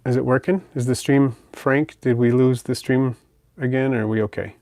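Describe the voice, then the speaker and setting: A man hosting a pet channel livestream, casually reading viewer comments in a relaxed, chatty way and softly cooing to his pet bird. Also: medium pitch, moderate pace, no room sound, clean studio sound.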